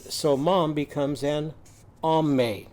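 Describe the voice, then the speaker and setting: A man's voice: on the high side, moderate pace, darkish tone, slight background noise. A man demonstrating a reading lesson, with an upbeat, sing-song teaching manner, sounding out letters and cheering.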